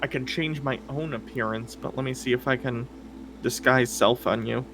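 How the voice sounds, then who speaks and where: A man playing a tabletop game, excitable and planning aloud, swearing casually. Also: medium pitch, normal speed, vocal fry, over music. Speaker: player.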